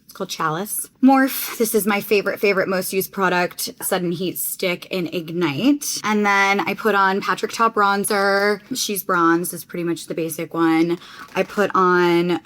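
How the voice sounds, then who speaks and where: A woman's voice: medium pitch, measured pace, fairly bright tone. A young woman from Connecticut chatting casually to her phone camera in a rambling vlog, full of "like". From Connecticut, USA. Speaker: vlogger.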